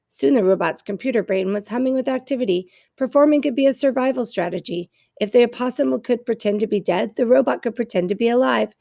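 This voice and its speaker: A woman reads a children's novel aloud in a steady, unhurried storytelling manner. Her voice is fairly high but mellow, with a gravelly texture, and the recording is dry and close. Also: no echo. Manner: steady storytelling, slight stumbles. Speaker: reader.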